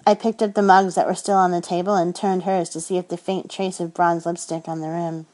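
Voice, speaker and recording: Eine Frau mit eher tiefer Stimme erzählt sanft ein Hörbuch in der Ich-Form. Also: female voice, fairly low pitch, steady tone, a little fast, hardly any pauses, darkish tone, poor audio. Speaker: narrator. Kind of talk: first-person audiobook narration.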